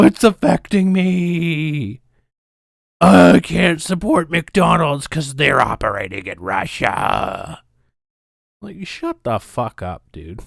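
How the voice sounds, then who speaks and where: A man's voice: medium pitch, no echo, studio quality. A Canadian man co-hosting a casual podcast, ranting sarcastically with frequent swearing and laughter. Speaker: podcast co-host.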